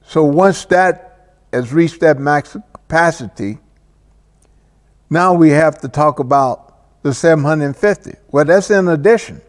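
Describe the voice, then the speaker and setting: Male local-TV host, slow and deliberate monologue, reverberant studio sound. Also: fairly high pitch. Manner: slow and deliberate, with pauses and restarts. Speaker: local cable show host.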